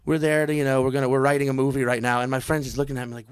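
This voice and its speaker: A man's voice: mid-range voice, level tone, racing, clear, resonant tone, no room sound, clean studio sound. A man telling a comedy story in casual talk, acting out the voices of the people in it.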